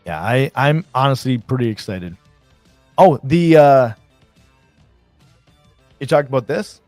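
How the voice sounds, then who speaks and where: Male stream host, excitable and casual, dry sound, soft music under. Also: mid-range voice, measured pace, pauses often, dry recording. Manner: excited, chatty, reads chat aloud. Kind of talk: casual live stream chat.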